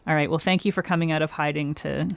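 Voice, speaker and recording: A woman with a low, creaky voice talks at a quick pace with fairly even intonation, recorded dry. She's hosting a casual nail art livestream, naming viewers, laughing often, and narrating each step of her work.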